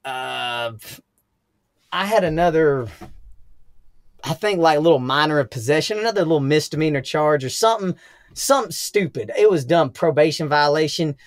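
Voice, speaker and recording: Profane, animated Southern man telling stories. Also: on the high side, moderate pace, dry recording, clean studio sound. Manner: profane, animated storyteller, laughs often. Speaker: podcast guest. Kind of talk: casual storytelling interview.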